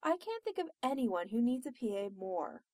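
Brash sarcastic young woman, read by a woman, lively pitch, dry sound. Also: normal speed, dry recording. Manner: loud, sarcastic, exclaiming. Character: brash excitable young woman, loud and blunt.

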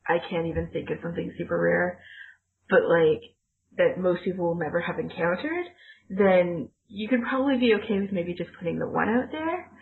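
A woman's voice: lowish voice, a little fast, gravelly. Chatty woman on a tinny line. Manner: chatty, rambling with many "like" fillers. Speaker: podcast co-host. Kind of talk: casual chat.

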